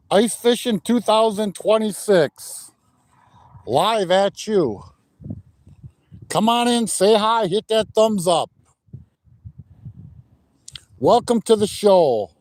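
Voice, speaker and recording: Upbeat high-voiced man outdoors. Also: expressive, slow, long pauses, darkish tone. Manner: upbeat, greets chat viewers by name. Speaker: livestream host. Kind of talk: casual live-stream chat. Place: outdoors on a frozen lake. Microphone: phone mic without plugged-in mic, wind noise.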